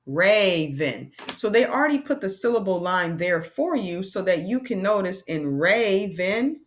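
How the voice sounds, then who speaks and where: A woman teaching a phonics lesson to children, sounding out words slowly and patiently. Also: medium pitch, lively intonation, a little hiss or hum.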